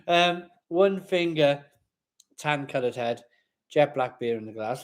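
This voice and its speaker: A man's voice: on the high side, animated, slow. A man hosting a live beer tasting from home, chatting casually to viewers in front of his laptop and often repeating himself. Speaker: beer reviewer livestream host. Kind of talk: casual live-stream chat. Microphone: laptop webcam.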